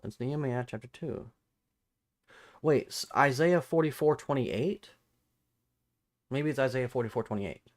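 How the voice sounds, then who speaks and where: A man of ordinary pitch hosts a live Bible study stream, talking off the cuff. He stumbles and restarts as he hunts for verses, then reads the passages aloud. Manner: halting and self-correcting, restarts numbers while looking up verses; reads scripture and viewer chat aloud.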